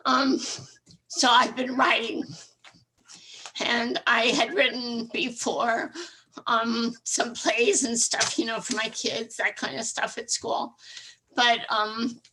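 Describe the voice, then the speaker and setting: An older woman reads her own poem aloud over a video call. Her voice sits high and her pace is unhurried. She reads earnestly, with feeling and a strong rhythm. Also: bright, forceful tone, slight background noise, rough recording. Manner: emotional, earnest, rhythmic reading. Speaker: open mic poet.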